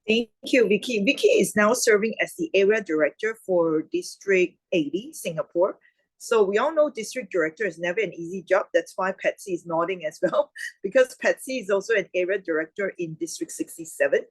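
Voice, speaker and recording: A woman hosting an online club meeting over a video call, chatty and quick to laugh. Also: mid-range voice, expressive, slightly rough, no room sound, low-quality recording. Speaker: meeting host.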